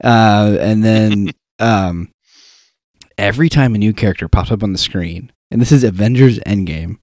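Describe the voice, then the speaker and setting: A young man chatting casually with friends, telling an animated story and acting out the quotes. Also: lowish voice, normal speed, no echo, studio quality. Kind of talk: casual chat.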